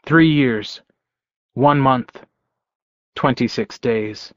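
Steady male audiobook narrator. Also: medium pitch, extremely slow, dry recording. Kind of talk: first-person fiction narration. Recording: dry, dull close-mic recording.

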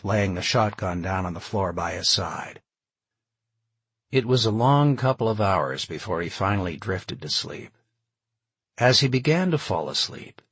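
Male audiobook narrator, low husky voice, lively intonation. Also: no echo. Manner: expressive, measured storytelling.

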